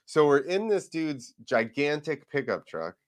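A freestyle motocross rider guests on a podcast, telling a rambling story in casual chat. His voice is fairly high and very animated, at a measured pace. He acts out the people in the story and swears now and then.

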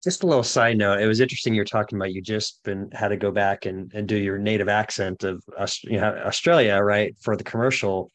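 A man's voice: fairly low pitch, steady tone, brisk, hardly any pauses. A man from the Boston area hosting an interview, talking in a conversational way and leading with questions. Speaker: podcast host. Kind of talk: interview chat.

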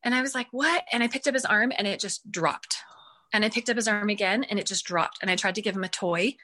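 Brief: woman guest, bright tone, animated personal storyteller. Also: medium pitch, quick pace. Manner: animated, acts out her own past reactions. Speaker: guest, mother telling her son's story.

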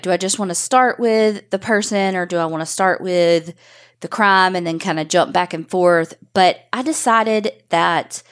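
A woman co-hosting a podcast, telling a true-crime story in a chatty, frank way with casual swearing. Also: lowish voice. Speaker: podcast co-host.

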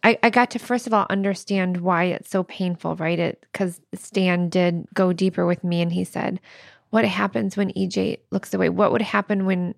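Woman with a fry-y lowish voice cohosting a podcast, earnest and explainy, dry room. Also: steady tone, moderate pace, no room sound. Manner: earnest, explanatory, laughs easily. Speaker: podcast co-host. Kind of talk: casual podcast chat.

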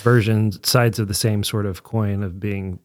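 A low-voiced man on a podcast panel weighs in during a casual chat. He speaks in a measured, thoughtful way. The recording is dry, with no room sound. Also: steady tone, no room sound.

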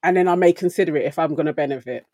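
A woman's voice: low-pitched, racing, a little mellow, dry recording, clean studio sound. A woman in a casual group chat, candid and musing as she thinks aloud. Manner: candid, musing, laughs easily. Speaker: podcast co-host.

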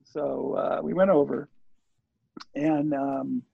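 Gravelly, husky older man telling stories. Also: medium pitch, slow, no echo. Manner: rambling, animated, acts out quoted dialogue. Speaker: interview guest, surf filmmaker. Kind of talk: casual storytelling. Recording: dull lo-fi audio.

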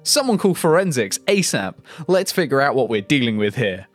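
A man voicing a commanding detective in his late thirties, giving brisk orders. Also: medium pitch, very animated, soft background music.

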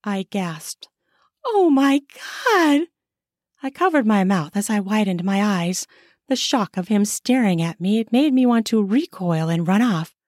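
A woman's voice: medium pitch, normal speed, darkish tone, no room sound, clean studio sound. A woman reading her own erotic short story aloud in an intimate first-person style. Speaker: narrator and author.

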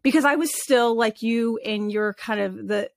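A woman, an animal communicator, telling personal stories in a casual, expressive interview manner with frequent restarts. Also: fairly high pitch, normal speed, vocal fry, no room sound, clean studio sound.

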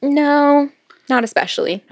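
A woman's voice: high-pitched, a little slow. A young woman co-hosting a podcast, recapping a romance novel in casual, filler-filled chat. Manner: chatty, filler-heavy retelling. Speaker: podcast co-host. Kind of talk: casual book review chat.

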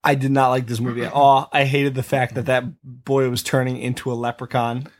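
A man's voice: mid-range voice, flat delivery, brisk. A man co-hosting a casual movie podcast, retelling scenes with amusement. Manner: amused, laughs while retelling. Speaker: podcast co-host. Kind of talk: casual movie review chat.

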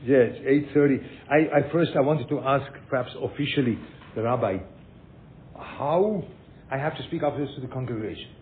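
An older man teaching a class as a rabbi, animated, repeating words and mixing in Yiddish and Hebrew terms. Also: moderate pace. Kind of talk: lecture with questions from students. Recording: phone-like echoey room with faint rumble.

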